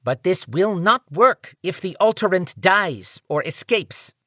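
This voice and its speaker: A man's voice: high-pitched, expressive, measured pace, pushed and bright, dry recording, clean studio sound, pitched above the performer's own voice, full character voice. A man voicing a nasal-voiced male captive who greedily demands freedom and immortality. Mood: demanding. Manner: insistent, grasping.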